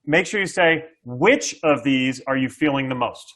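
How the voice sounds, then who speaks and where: A man's voice: medium pitch, normal speed, fairly bright tone. A middle-aged man, a sales coach, explaining sales tactics to an interviewer with energy, acting out buyer dialogue and often checking in with "okay?". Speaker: SaaS sales coach, guest.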